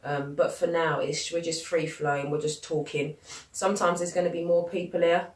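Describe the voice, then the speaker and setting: A woman's voice: low voice, flat delivery, moderate pace, distant mic. A young woman hosting a casual podcast chat. She is blunt and swears freely. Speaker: podcast host. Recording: echoey room, voice from off the mic.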